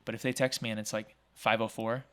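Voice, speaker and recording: A man in his thirties, from Oregon, telling stories as a guest in a casual interview, talkative and energetic, with many fillers like "like" and "um". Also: lowish voice, fast. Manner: energetic, talkative, acts out quoted voices; frequent fillers like "like" and "um". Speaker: podcast guest, small business owner.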